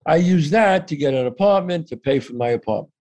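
A man tells a story from his own life in loose, lively conversation, his voice sitting a little high. He acts out the people he quotes and swears without a second thought. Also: fairly quick. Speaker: guest actor. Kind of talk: casual storytelling.

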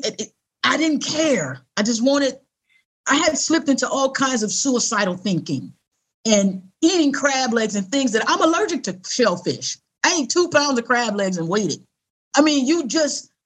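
A woman's voice: a little high, breathy edge. A middle-aged woman, an interview guest, telling a personal story in an earnest, conversational way and acting out the voices of people she quotes. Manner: animated, acts out quoted voices.

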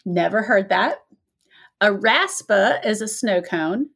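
A woman's voice: mid-range voice, animated, takes it slowly, gravelly, fairly bright tone, husky. A woman from the American South co-hosting a podcast, reading listener letters aloud and laughing along in friendly chat. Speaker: podcast co-host. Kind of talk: casual chat.

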